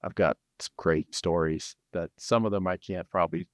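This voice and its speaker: A middle-aged man, a real estate agent and podcast host, telling a story in a casual, animated way, often restarting and laughing. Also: sits low, moderate pace, no echo.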